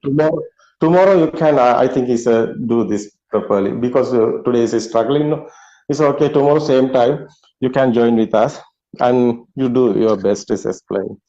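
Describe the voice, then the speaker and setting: A man's voice: medium pitch, moderate pace, warm tone, dull audio. A man hosting an online meeting, speaking casually with many fillers and frequent laughs. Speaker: meeting host. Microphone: video call.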